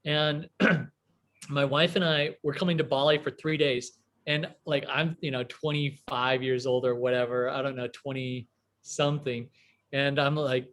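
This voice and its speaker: A man in his forties, from a small town in the American Midwest, speaks as an interview guest. His voice sits a little high for a man. He tells his story in a casual, rambling way, full of fillers, restarts and animated quoted dialogue. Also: measured pace. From US Midwest, small town near Chicago. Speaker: guest entrepreneur.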